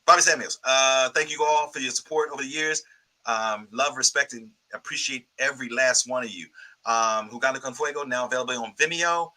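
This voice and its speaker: A man's voice: mid-range voice, fairly even intonation, brisk, pushed and bright, low-quality recording. A man guesting on an interview show, casually thanking people and plugging his work with lots of ums and restarts. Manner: rambling, grateful, many ums. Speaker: guest filmmaker.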